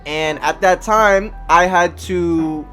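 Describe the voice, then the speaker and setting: A man's voice: high-pitched, slow pace, fairly bright tone, faint music behind. A young man telling a casual storytime, loose and slangy with lots of cursing and fillers. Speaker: vlogger.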